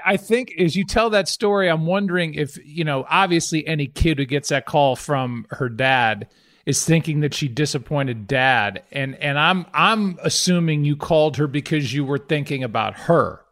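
Man co-hosting a podcast, calm and reflective, with a slightly high voice. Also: normal speed. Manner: thoughtful, reflective follow-up remarks. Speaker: podcast co-host. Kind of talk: casual interview chat.

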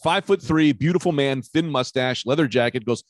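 A man chatting on a podcast, a loud, animated storyteller who swears freely. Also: mid-range voice, brisk, no echo. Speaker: podcast guest, comedian. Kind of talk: casual chat.

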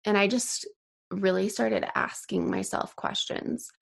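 A woman's voice: mid-range voice, steady tone, unhurried, gravelly, breathy edge. A young woman hosting a solo podcast, chatty with many fillers and sighs, a bit out of breath. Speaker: podcast host.

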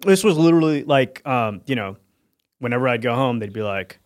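A man who moved to America, a podcast guest talking casually in a halting, thoughtful way. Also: mid-range voice, expressive. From abroad, immigrated to America. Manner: halting, thoughtful, restarts phrases. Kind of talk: casual chat.

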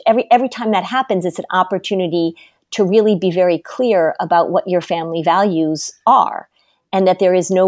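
A middle-aged woman giving parenting advice in a podcast conversation, emphatic and animated as she tells stories. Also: on the low side, dry recording, clean studio sound. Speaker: parenting expert guest.

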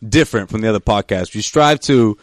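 A man co-hosting a sports podcast, speaking eagerly and chiming in with quick reactions. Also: lowish voice. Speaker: podcast co-host. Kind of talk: casual chat.

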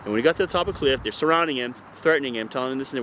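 A man's voice: mid-range voice, rapid-fire, slight background noise. A man from Hawaii's North Shore, telling a surf story in a casual interview, rambling and full of swearing. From North Shore of Oahu, Hawaii. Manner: profane, rambling, animated retelling. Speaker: interviewee, surfer.

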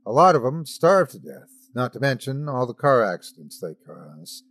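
A man's voice: medium pitch, big pitch swings, normal speed, fairly bright tone. A man voicing a big, blunt, folksy hunter driving a truck. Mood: chatty.

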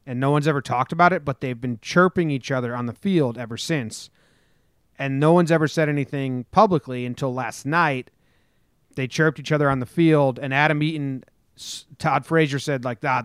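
A man's voice: mid-range voice, fairly bright tone, clear, resonant tone, no echo, studio quality. A man from New Jersey hosting a casual sports talk podcast, telling stories in a rambling way and swearing freely. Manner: rambling storyteller, swears, acts out quotes. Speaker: podcast host.

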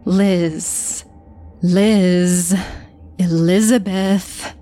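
A trapped female phantom calls out from behind a mirror in a plaintive, mechanical voice that slides into a hiss, as a woman narrator puts her on. The voice sits low in pitch and repeats itself with no one listening. It belongs in a spoken horror story. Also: steady tone, very slow, warm tone. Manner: plaintive yet robotic, repetitive, hissing.

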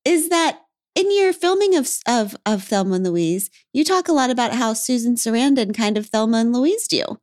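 A woman's voice: on the high side, expressive, moderate pace, a little mellow. A woman hosting a podcast, asking eager questions and laughing along with her guest. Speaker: podcast host. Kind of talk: interviewing.

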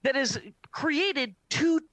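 A woman comedian casually telling a long, animated story on a podcast, often quoting her dad. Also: high-pitched, slow pace, no room sound. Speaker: comedian guest.

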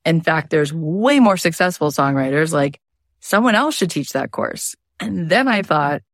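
A woman in her thirties hosting her show, telling her own story in a lively, casual way, full of quoted self-talk. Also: lowish voice, a little slow, no room sound, clean studio sound.

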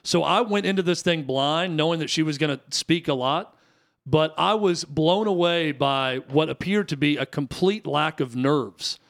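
A man's voice: on the high side, moderate pace, creaky, a bit bright. A man in his thirties co-hosting a radio talk show, telling stories in a chatty, rambling way. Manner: chatty storyteller, frequent restarts and fillers. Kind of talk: casual sports radio chat.

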